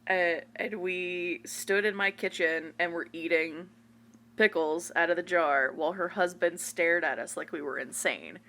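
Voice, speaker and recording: A woman's voice: fairly low pitch, unhurried, bright, forceful tone, a little hiss or hum. A woman co-hosting a podcast, chatting frankly and telling stories with casual swearing. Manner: frank, swears freely, storytelling. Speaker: podcast co-host. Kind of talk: casual chat.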